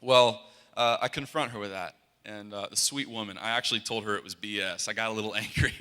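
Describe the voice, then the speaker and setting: An earnest young man preaches in a big, reverberant hall, his bright, forceful voice ringing out over a PA microphone. He talks conversationally and often stumbles and restarts mid-sentence. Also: mid-range voice, fairly quick. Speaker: worship leader and guest speaker. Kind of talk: sermon. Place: large hall.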